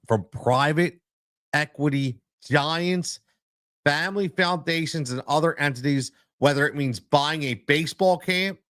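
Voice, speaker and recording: A man's voice: fairly high pitch, fairly bright tone, no room sound, studio quality. A man hosting a solo sports podcast as a coach, talking emphatically and repeating his points for stress.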